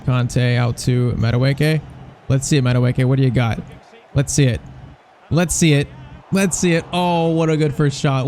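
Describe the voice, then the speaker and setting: Excitable young man commenting gameplay. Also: mid-range voice, slight background noise. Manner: excitable, incredulous, self-mocking. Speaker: gaming YouTuber.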